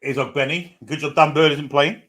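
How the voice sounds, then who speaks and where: Man, live stream host, casual match chat, greets viewers by name, relaxed. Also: on the high side, a little fast. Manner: chatty, greets viewers, reads chat aloud.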